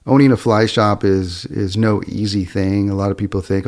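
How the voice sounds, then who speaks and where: Deep-voiced middle-aged guy rambling thru fly shop stories, lots of ums and uhs. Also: fairly even intonation, normal speed, darkish tone. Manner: rambling, filler-heavy, acts out quoted lines in a raised voice. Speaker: fly shop owner and podcast host. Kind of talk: casual storytelling.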